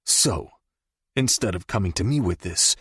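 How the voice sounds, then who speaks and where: A man narrating a first-person crime story in a measured, dramatic storytelling manner. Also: deep voice, animated, a bit bright, husky, no room sound, studio quality. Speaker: audiobook narrator.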